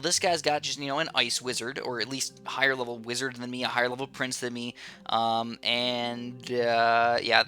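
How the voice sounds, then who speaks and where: A man giving casual, rambling commentary over his own gameplay, bursting into sudden excited exclamations. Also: mid-range voice. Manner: rambling, with many fillers. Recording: clear music under the voice. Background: background music.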